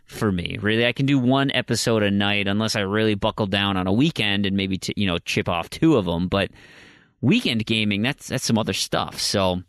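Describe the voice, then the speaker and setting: A man's voice: lowish voice, a little fast, fairly bright tone, dry recording. A man co-hosting a podcast, telling long rambling stories in casual chat with frequent restarts. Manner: rambling, long-winded storyteller with many restarts. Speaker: podcast co-host.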